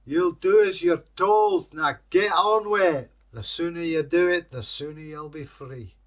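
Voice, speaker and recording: A man's voice: fairly high pitch, measured pace, pitched above the performer's own voice, natural voice. A man voicing a stern, bossy laird with a put-on Scottish accent, giving commands and threats. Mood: commanding.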